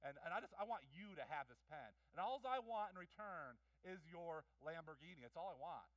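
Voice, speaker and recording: A male pastor preaching in a church, telling stories in an animated way with jokes and acted-out voices. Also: a little high, a little fast, dry recording, recorded from a distance, poor audio. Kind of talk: sermon. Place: church hall.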